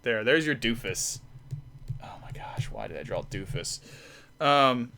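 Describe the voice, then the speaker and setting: A man's voice: medium pitch, expressive, measured pace, creaky, background noise. A man hosting a live stream, chatting casually and rambling while he draws, often restarting himself. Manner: rambling, self-deprecating, many restarts. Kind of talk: casual chat while drawing.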